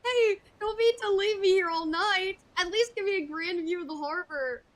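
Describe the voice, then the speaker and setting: A hapless rogue lackey who talks in folksy, rough grammar, read aloud by a woman streamer. The voice stays high. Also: normal speed. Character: hapless male rogue errand boy. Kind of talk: reading game dialogue aloud.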